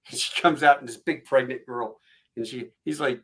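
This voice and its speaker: A middle-aged man hosts a podcast in a mid-range voice at a moderate pace. In a casual, animated chat he tells stories, doing the voices of the people who appear in them.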